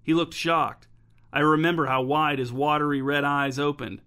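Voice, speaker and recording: A man's voice: on the high side, level tone, moderate pace, pushed and bright, clean tone. A man voicing an earnest young woman who tells her story through tears. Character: tearful, grateful young woman.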